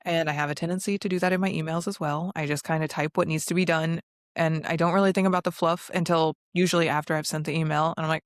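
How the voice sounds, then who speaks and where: A woman's voice: sits low, fairly even intonation, fast talker, no echo, clean studio sound. A young woman co-hosting a podcast who talks in a direct, reflective way and laughs easily. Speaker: podcast co-host. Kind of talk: casual podcast chat.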